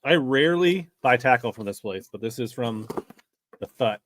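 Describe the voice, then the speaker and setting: A man's voice: medium pitch, animated, moderate pace, a bit bright, a little hiss or hum. A man hosting a casual chat, easygoing and critical, with frequent fillers like "like" and "uh". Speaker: channel host.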